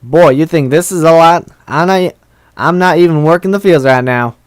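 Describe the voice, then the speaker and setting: A folksy, hardworking farm pony mare, as a man puts her on, lifted well above his usual pitch and speaking louder than his narration. Her lines come through close and dry. She talks with a country lilt. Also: normal speed, smooth, no room sound, lightly acted. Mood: cheerful.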